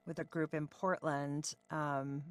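A woman in her forties with a low voice talks about her voice-over work as an interview guest. She sounds upbeat and chatty, with plenty of ums. Her delivery stays easygoing and conversational. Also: level tone, slow. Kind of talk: podcast interview.

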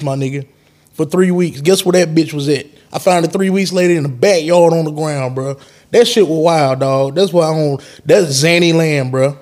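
A young man hosting a podcast and telling a story in casual chat, animated and profane, his voice jumping up when he quotes himself. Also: fairly high pitch. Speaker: podcast host.

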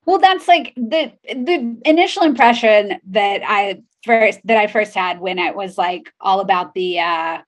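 A woman's voice: medium pitch, unhurried, few pauses. A woman co-hosting a podcast in casual political chat, rambling with many fillers. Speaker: podcast co-host.

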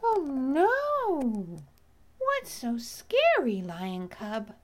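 Woman playing playful storybook bumblebee: small, friendly, giggly, high bouncy voice. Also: huge pitch swings, very slow, heavily acted. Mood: worried.

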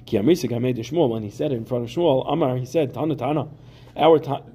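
A man's voice: medium pitch, fast, mellow, breathy edge. A man giving a Talmud class to students, reading the Aramaic text and explaining it in casual English with everyday examples. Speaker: Talmud teacher.

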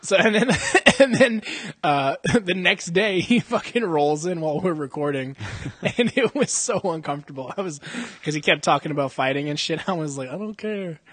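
A young man with a somewhat high, husky voice rambles through crude stories on a podcast, swearing constantly and breaking into laughter. The sound is close and dry. He is talking casually at an indoor jiu-jitsu gym. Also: expressive, moderate pace, fairly bright tone, no echo. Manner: profane, rambling storyteller who laughs often. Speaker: podcast co-host. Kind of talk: casual chat. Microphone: podcast mic.

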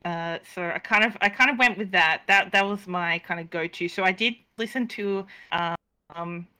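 A young-sounding woman talks casually on a podcast with a bright, forceful tone. She giggles often and hesitates through plenty of ums and uhs. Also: medium pitch, normal speed, clean tone. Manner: giggly, hesitant, many fillers. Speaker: roleplay player, podcast guest.

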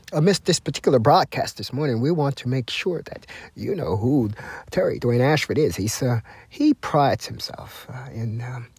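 A man hosting a talk broadcast, lecturing slowly and repeating himself while he speaks of himself in the third person. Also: mid-range voice, darkish tone, breathy edge, no echo. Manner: deliberate, repetitive, refers to himself in the third person; lecturing, with drawn-out emphasis and spelled-out words. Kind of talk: self-promoting monologue.

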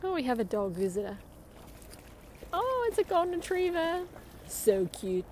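A woman's voice: very high voice, very animated, normal speed, a little mellow, a little hiss or hum. A woman coaching a guided interval run outdoors, upbeat and encouraging as she counts down. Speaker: running coach.

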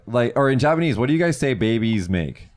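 A male podcast host who chats casually, with a lively, bouncing pitch. He fills his pauses with "uh" and restarts sentences as he goes. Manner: chatty, full of fillers and restarts.

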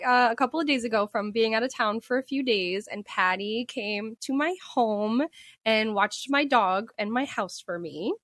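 A woman's voice: fairly high pitch, moderate pace, fairly bright tone, no echo. A woman co-hosting a podcast, telling a story in casual chat and laughing often. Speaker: podcast co-host.

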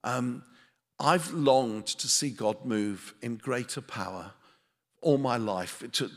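Male preacher, gravelly, self-mocking storyteller, church hall reverb. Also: medium pitch, fairly bright tone. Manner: self-deprecating, comic timing, storytelling. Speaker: pastor. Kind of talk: sermon with humorous storytelling. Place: church meeting with a live audience.

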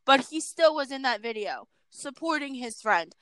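A woman's voice: high voice, lively intonation, normal speed, bright, forceful tone, no room sound, low-quality recording. A woman hosting a casual chat, speaking in an earnest and emphatic way. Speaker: host.

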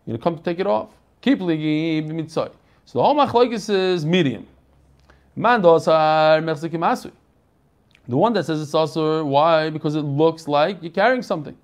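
Man, high voice, American, Talmud lecture, singsong text reading, casual English explanations. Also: moderate pace. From United States. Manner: informal, chatty asides to the class. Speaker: Talmud teacher.

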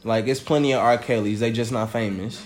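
A man's voice: mid-range voice, fairly even intonation, fairly quick, faint music behind. A young man in casual podcast chat, joking, laughing easily and swearing freely.

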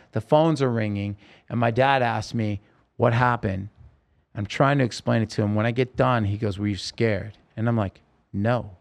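A man as an interview guest, telling a personal story in halting speech with frequent restarts and self-corrections. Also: medium pitch, gravelly.

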